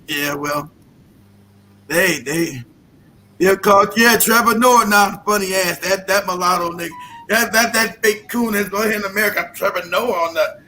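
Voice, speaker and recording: A man with a high, sharp and forceful voice, hosting a loose, profane rant. He mocks freely and breaks into laughter often. A faint hiss sits under his voice. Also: poor audio. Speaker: podcast host. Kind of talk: casual rant.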